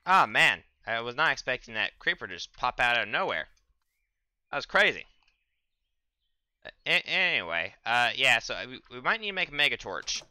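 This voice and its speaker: A young man streaming a game in casual commentary, stammering and restarting his words, often breaking into loud trash talk at the monsters. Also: mid-range voice, very animated, moderate pace, smooth, no room sound. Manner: trash-talks the game's monsters, loud bursts of exasperation.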